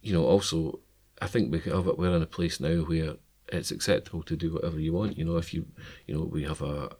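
A man's voice: rumbling low, fairly even intonation, a little fast, a little mellow. A man in an interview, easygoing, with many fillers and stuttered starts. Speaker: music interviewee. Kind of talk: casual interview talk.

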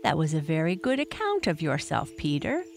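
A woman's voice: low voice, huge pitch swings, moderate pace, gravelly, soft background music, exaggerated voice. A woman voicing a wise, kindly old female nature teacher who asks patient questions. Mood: teaching.

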